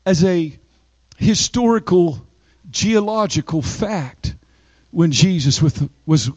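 A male preacher with a high voice delivers a sermon with emphatic, dramatic pauses and soaring rises. The sound is dry and close, with little room around it. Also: darkish tone, dry recording, dull audio.

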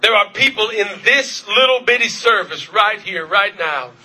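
A man preaching a revival sermon, fervent, repeating his questions and shouting at the peaks. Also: high-pitched, expressive, moderate pace. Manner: fervent, shouting at peaks, repetitive calls to the congregation. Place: church service.

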